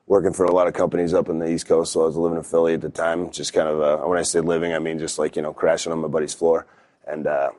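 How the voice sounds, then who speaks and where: A low, deep-voiced man in his thirties spins a long story in a relaxed, meandering way. He keeps starting over and piling up fillers. The sound is dry and close. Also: no room sound. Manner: laid-back, rambling, lots of fillers and restarts. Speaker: wrestler, podcast guest. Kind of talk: casual storytelling interview.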